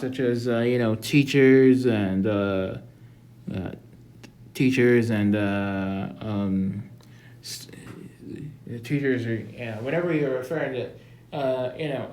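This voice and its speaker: A man's voice: mid-range voice, fairly even intonation, a little slow, a little mellow, a little hiss or hum. A young man hosting a casual comedy chat, hesitant and repeating himself often. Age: young adult. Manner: hesitant, many fillers and restarts. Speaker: host. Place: library room. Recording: echoey room.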